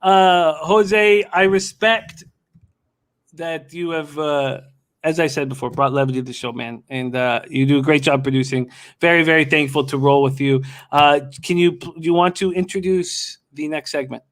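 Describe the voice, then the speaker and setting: A man's voice: on the high side, steady tone, moderate pace, fairly bright tone. A man hosting a sports betting show, brash and joking in casual chat, swearing freely.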